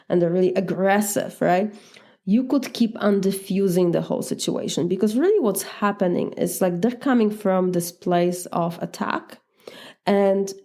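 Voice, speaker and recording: Warm-voiced woman with a Polish accent. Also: medium pitch, gravelly. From Poland. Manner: direct, demonstrates replies aloud. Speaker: life coach. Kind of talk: casual coaching monologue.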